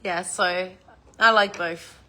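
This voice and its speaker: Brief: middle-aged woman, unhurried, rambling livestream host who laughs and swears. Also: on the low side, fairly even intonation, sharp tone. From New Zealand. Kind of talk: casual livestream chat.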